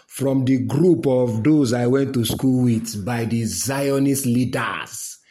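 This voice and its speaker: A middle-aged man with a Nigerian accent in a casual, mocking rant, laughing as he talks to his listeners. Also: mid-range voice. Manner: mocking, animated, laughs while talking. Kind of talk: casual rant in pidgin and English.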